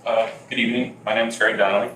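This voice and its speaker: A resident gives public comment in a council chamber, scolding the council with emotion. His voice is fairly low, level, and sharp, and he talks at a racing pace. The chamber is echoey with a faint hum.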